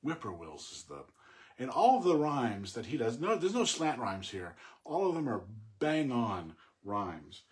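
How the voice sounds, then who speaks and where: A middle-aged man talking casually about a poem he admires, thoughtful and halting, with many fillers and restarts. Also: medium pitch, big pitch swings. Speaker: poet discussing a poem. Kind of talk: casual spoken commentary on poetry.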